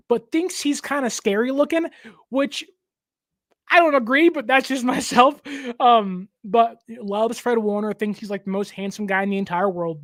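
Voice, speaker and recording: A young man hosting a casual sports talk show, given to animated joking rants. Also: sits high, no room sound, studio quality. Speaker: show host.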